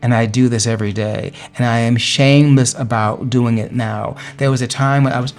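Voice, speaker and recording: Man, motivational vlog, earnest, encouraging, medium-pitched voice, faint music underneath. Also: steady tone, normal speed, hardly any pauses, a little mellow. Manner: earnest and encouraging, with emphatic rises. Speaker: vlogger sharing affirmations. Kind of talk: motivational talk to camera.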